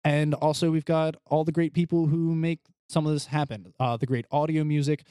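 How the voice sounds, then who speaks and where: A man hosting a tabletop game podcast, narrating the scene for his players in an easygoing way with frequent filler pauses. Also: a little high, fairly even intonation, mellow, smooth, dry recording, studio quality. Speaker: game master and podcast host.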